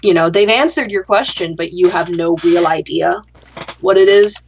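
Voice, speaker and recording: A young adult woman with a low, gravelly voice that sinks into vocal fry, chatting casually while she plays. She tells a story in a dry, sarcastic way and swears without hesitation. The recording sounds dull and lo-fi. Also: moderate pace, a little hiss or hum. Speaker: gaming channel host.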